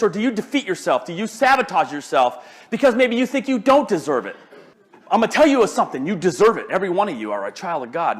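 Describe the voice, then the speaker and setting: Animated older man with a high voice. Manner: animated, joking, rambling restarts. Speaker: motivational speaker. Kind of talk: live motivational talk.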